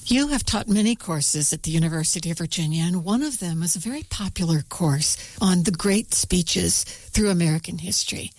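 A woman interviewer asking measured, direct questions. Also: fairly low pitch, a little mellow, no room sound.

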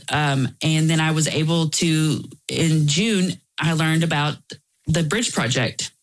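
A woman guest in an interview, earnestly telling a personal story with quick asides. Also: low voice, rough recording.

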